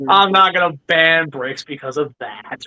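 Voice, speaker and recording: A male podcast host chatting casually and animatedly on a livestream. His voice sits high and sounds bright and forward. He jokes and calls his guests by nicknames. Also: a little slow, a little hiss or hum, poor audio.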